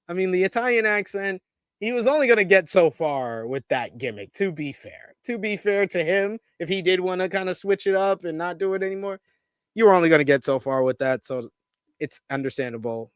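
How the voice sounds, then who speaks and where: A man hosting a live-stream wrestling review, reading viewer comments and ranting loudly at times. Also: a little high, no echo. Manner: animated, swears when ranting.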